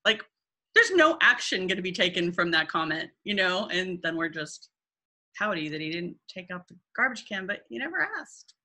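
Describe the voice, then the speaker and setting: A woman dating coach giving advice in a casual talk, lively and acting out what others might say. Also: mid-range voice, moderate pace. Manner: animated, acts out quoted voices.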